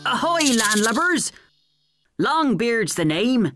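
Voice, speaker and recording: A woman voicing a forgetful, jolly male pirate captain in a cartoon, with rough pirate talk and hearty laughs. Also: a little high, big pitch swings, slow pace, loud music behind the voice. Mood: sorry. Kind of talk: cartoon voice acting.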